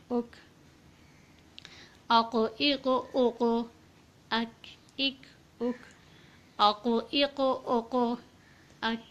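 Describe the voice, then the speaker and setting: A woman's voice: on the high side, a little hiss or hum. Patient woman teaching letter sounds. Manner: slow and patient, demonstrating sounds with repeated syllables; many fillers and restarts, often saying inshallah. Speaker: Quran pronunciation teacher. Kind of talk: online lesson on Arabic letter pronunciation.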